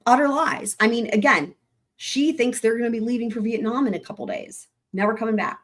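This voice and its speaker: A woman's voice: fairly high pitch, a little fast. A woman hosting a true-crime livestream, her voice still recovering from losing it, talking bluntly and emphatically and swearing freely. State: voice still recovering after a week without it. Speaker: host.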